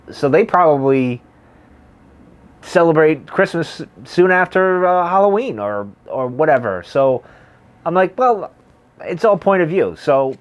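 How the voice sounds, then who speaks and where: Rambling, chatty man vlogging. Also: medium pitch. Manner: rambling, chatty, keeps circling back. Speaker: pipe-smoking vlogger. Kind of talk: casual chat to camera.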